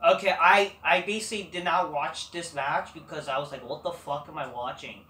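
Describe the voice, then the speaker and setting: A woman's voice: sits low, brisk, pushed and bright, distant mic. A woman giving a blunt, profane, rambling recap of a wrestling show. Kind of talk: casual ranting recap. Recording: echoey room, away from the mic.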